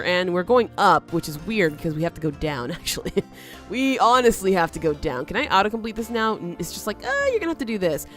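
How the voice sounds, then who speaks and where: Lively woman chatting through gameplay. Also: mid-range voice. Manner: chatty, talks back to the game, laughs often. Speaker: let's play host. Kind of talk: gameplay commentary.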